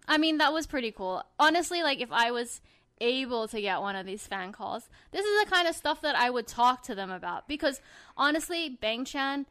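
A woman's voice: sits high, big pitch swings, normal speed, a bit bright. A young woman co-hosting a podcast, chatting casually and animatedly, swearing freely and retelling stories. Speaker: podcast co-host. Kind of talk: casual chat.

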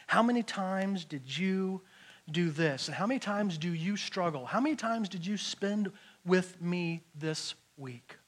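A middle-aged male pastor preaching a sermon, telling stories with big swings from shouting to hushed speech. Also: high-pitched, expressive, measured pace.

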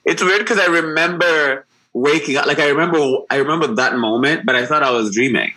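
A man co-hosting a podcast, chatting casually and telling embarrassing stories with lively acted-out quotes. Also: fairly high pitch, fairly quick. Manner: animated storyteller, acts out quotes. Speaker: podcast co-host. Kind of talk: casual chat.

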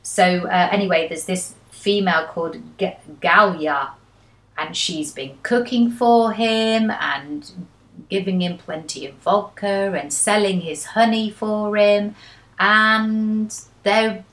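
A woman's voice: medium pitch, slow, a bit bright. A woman co-hosting a book podcast, chatting casually with frequent hesitations. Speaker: book club podcast co-host. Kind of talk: casual chat and reading aloud. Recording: echoey room.

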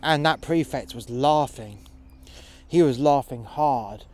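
A man narrating a first-person action story in a low-key, dramatic way with a lot of swearing. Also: slow pace, a little mellow.

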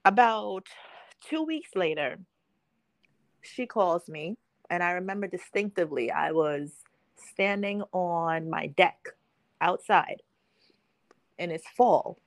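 A woman's voice: on the low side, lively intonation, takes it slowly, gravelly, long pauses, no echo. A young adult woman hosting a podcast, telling a story in casual chat and acting out the quotes, laughing often. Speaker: podcast host.

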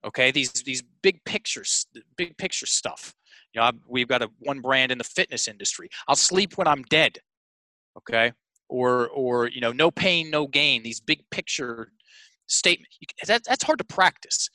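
A man's voice: mid-range voice, animated, normal speed, sharp tone, no echo, low-quality recording. A man talking as a coach in an interview, telling stories emphatically, addressing listeners as folks, with frequent restarts. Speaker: sales and mindset coach. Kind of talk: conversational storytelling interview.

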